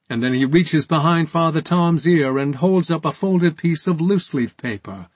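A man reading a story aloud in a measured, calm narration. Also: fairly high pitch, no echo. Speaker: audiobook narrator. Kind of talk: scripted narration.

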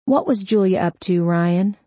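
Audiobook story. A woman reads a hard-edged female detective, calm and quietly menacing, her voice low and unhurried. The sound is dry and close. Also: dry recording. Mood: cool. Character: cool, tough female police detective.

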